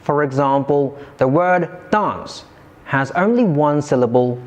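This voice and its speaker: A man teaching English pronunciation in a scripted lesson, enunciating slowly and carefully and modelling words for listeners to repeat. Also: fairly high pitch, lively intonation.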